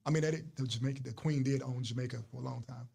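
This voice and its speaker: A man's voice: mid-range voice, fairly even intonation, rapid-fire, creaky, a little mellow, breathy edge. A man co-hosting a casual livestream chat, telling stories and bantering. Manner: storytelling, banter, reads chat names. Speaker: podcast co-host.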